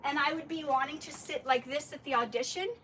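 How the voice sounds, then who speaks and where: A woman telling a lively story at a memorial gathering, laughing often and acting out the dialogue. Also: high voice, fairly quick. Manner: animated, laughing, acts out dialogue. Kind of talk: storytelling tribute. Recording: distant mic with clear background noise.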